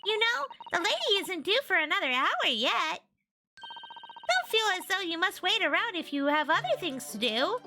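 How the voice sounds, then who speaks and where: A woman voicing a kindly, courteous older landlady in a video game, speaking in a soft, genteel manner. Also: very high-pitched, huge pitch swings, normal speed, soft background music, voice pushed up, full character voice. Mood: gentle.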